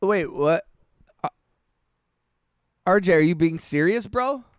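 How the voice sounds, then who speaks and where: A man streaming music production, chatting casually with his chat, halting and heartfelt, often restarting and swearing with lots of "bro" and "dude". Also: high voice, animated, smooth, no room sound, clean studio sound. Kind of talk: casual livestream chat, reading chat messages.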